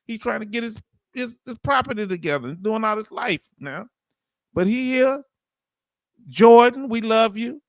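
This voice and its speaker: A man with a Southern accent hosts a casual livestream, chatting in a loose, folksy way and calling out to his viewers. His voice sits high and has a gravelly edge. The sound is close and dry. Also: expressive, normal speed, no room sound. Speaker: livestream host. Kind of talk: casual livestream chat reading comments.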